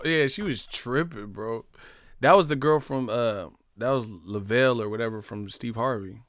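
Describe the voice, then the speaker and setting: A man hosting a casual live stream, rambling and swearing, laughing often and acting out movie lines in loud, high voices. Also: normal speed, no echo, studio quality.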